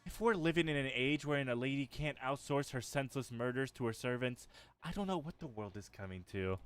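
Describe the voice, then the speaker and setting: A man voicing a pompous, callous young princess in a video game, speaking in a prim, condescending, drawn-out way. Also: medium pitch, clean tone, soft background music, natural voice. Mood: haughty.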